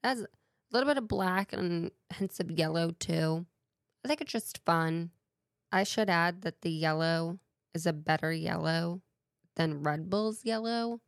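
A woman's voice: on the low side, measured pace, creaky, no room sound, studio quality. A woman hosting a casual solo talk show with a playful, chatty way of wandering into tangents. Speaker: podcast host.

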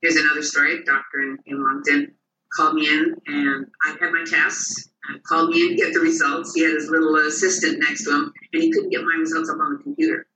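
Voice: medium pitch, brisk, slight background noise. An interview guest telling personal stories, acting out the voices of the people in them. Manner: animated, acts out quoted voices. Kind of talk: personal storytelling. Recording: roomy and distant.

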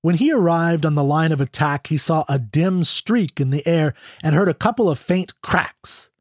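A man narrating a classic short story in a measured, expressive audiobook reading. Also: a little high, no echo, clean studio sound.

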